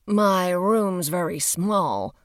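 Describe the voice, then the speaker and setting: A woman reading an audiobook, voicing a nervous, stiff man who speaks slowly in a flat, mechanical, level way. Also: on the low side, no room sound, clean studio sound. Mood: stiff, uneasy. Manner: slow, quiet, mechanically level delivery.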